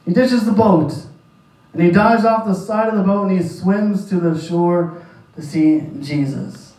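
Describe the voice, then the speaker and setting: High-voiced male pastor preaching in echoey room. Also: unhurried, a little mellow. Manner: repetitive, emphatic preaching. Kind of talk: sermon. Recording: echoey room, distant mic.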